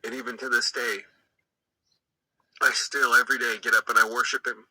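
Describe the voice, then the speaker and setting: Earnest man with a bright voice. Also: medium pitch, little pitch movement, normal speed, husky, dry recording, rough recording. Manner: earnest, emotional storytelling with fillers. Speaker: guest giving a testimony. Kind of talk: personal faith testimony, conversational.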